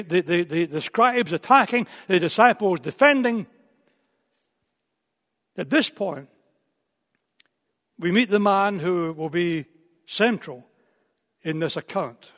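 A high-pitched male preacher delivers a sermon, telling the story and sometimes repeating words as he presses a point. His voice carries a long reverb, as if recorded in a large church hall.

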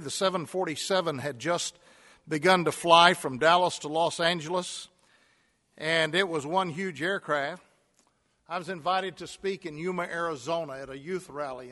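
A pastor preaches a sermon, recounting a personal story and building to emphatic, repeated calls. His voice is a little high, bright and forceful, and the recording has a long hall reverb.

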